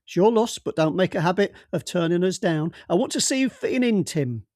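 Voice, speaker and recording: A brusque, jovial middle-aged police boss, voiced by a man in an audiobook, booming out orders and brushing aside interruptions. His voice sits fairly high and is raised well above plain talk. The sound is dry and close. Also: expressive, brisk, no room sound. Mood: bluff, bossy. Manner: loud, bluff and bossy, cuts others off. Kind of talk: audiobook character voice.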